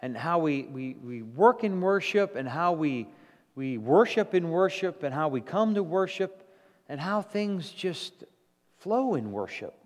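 A male pastor delivers a sermon in a church, his voice sitting slightly high and swinging widely in pitch. He often restarts his phrases as he builds a point. A long reverb trails his words through the sanctuary. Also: a little slow. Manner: animated preaching with repeated restarts.

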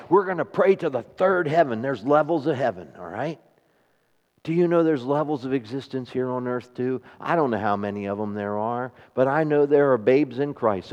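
A man preaching a sermon in a church hall, conversational, turning questions to the congregation, swinging from emphatic to soft and slow. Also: mid-range voice. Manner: rising to emphatic, then drops to soft and slow. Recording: dull sound with long hall reverb.

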